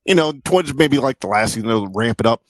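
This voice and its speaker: A man's voice: medium pitch, expressive, quick pace, no echo, rough recording. Profane, rambling podcast co-host man. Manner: profane, rambling, restarts often. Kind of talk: casual chat.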